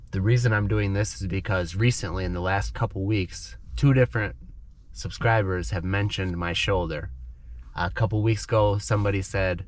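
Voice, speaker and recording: A man with a congested, stuffy nose from a cold, telling a personal story slowly and clearly as an English lesson, often checking in with "okay?". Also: lowish voice, a little hiss or hum. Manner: slow, clear, explains vocabulary, checks in with "okay?". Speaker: English teacher, channel host.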